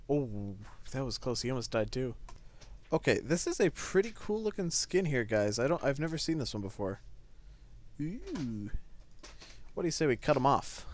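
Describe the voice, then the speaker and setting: A teenage boy giving live commentary on a game he is playing at home, excitable, laughing and stammering as things happen. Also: medium pitch, moderate pace, dry recording. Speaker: gaming YouTuber. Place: home, seated in a chair.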